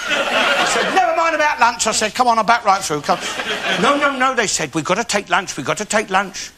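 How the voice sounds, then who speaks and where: Alf Garnett, a ranting old Cockney. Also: male voice, high voice, lively intonation, fairly quick. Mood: boastful. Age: older. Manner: ranting, swearing, crude bragging. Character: bigoted boastful old working-class Londoner. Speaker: comic character monologue. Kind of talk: stand-up monologue in character. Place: TV studio before live audience. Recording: loud noisy live recording with clicks.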